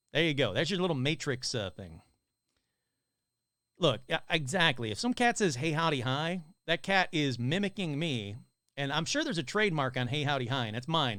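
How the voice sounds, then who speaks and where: Male podcast host, slightly high voice, chatty and casual, reading listener stories, dry close sound. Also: fairly bright tone, dry recording. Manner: casual, chatty, swears and jokes between stories.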